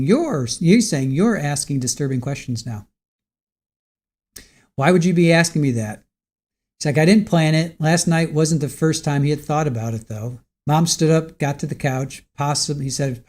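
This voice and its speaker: A man's voice: a little high, darkish tone. A man giving a live recap of an interrogation video, loosely paraphrasing quotes and thinking aloud with fillers and self-corrections. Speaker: trial commentator.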